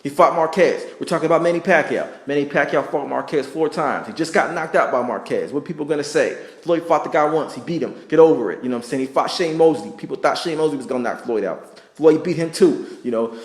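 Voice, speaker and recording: A man's voice: fairly high pitch, fast talker, roomy sound. A man giving a heated, profane sports rant, emphatic and argumentative, hammering the same points again and again. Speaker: vlogger ranting about sports.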